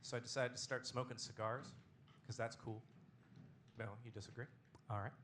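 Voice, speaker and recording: A man hosting a comedy show, doing a stand-up set with a deadpan, self-deprecating delivery on a club stage. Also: mid-range voice, normal speed, background noise.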